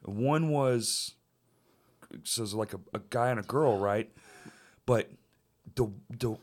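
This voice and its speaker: A man's voice: medium pitch, slow pace, a little mellow. A man hosting a podcast in casual chat, chatty and blunt with plenty of swearing. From Arkansas, US. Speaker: podcast host.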